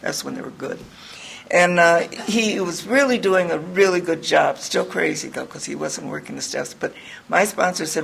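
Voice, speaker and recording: A woman's voice: low-pitched, fairly even intonation, moderate pace, creaky, a little hiss or hum, low-quality recording. An older woman giving a candid, rambling personal testimony to a group, mocking herself as she tells it. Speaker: recovery speaker.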